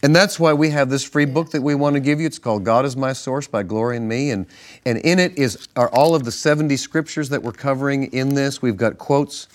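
A man, a pastor, co-hosting a ministry broadcast, telling stories in a relaxed way with restarts and chuckles. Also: mid-range voice, fairly quick. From northern United States. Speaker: pastor and co-host. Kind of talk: casual ministry broadcast chat.

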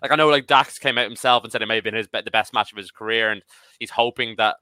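Guy around 30 on a podcast, excitable, swears a lot, smooth clear voice. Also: medium pitch, quick pace, dry recording. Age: 30s. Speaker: podcast panelist. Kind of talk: casual chat.

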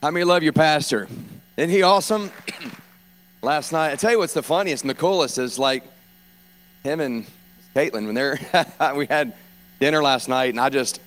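A man in his forties from South Louisiana, with the accent to match, gives an informal, joking sermon as a guest preacher. His voice is medium-pitched and a bit bright, and he clears his throat often.

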